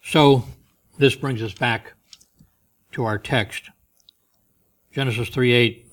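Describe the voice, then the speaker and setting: A man delivers a sermon in a conversational preaching manner, at a mid-range pitch. He reads passages aloud with rising emphasis, then drops into soft, offhand asides. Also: slow, long pauses. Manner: conversational preaching, swinging between loud emphasis and quiet asides. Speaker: pastor.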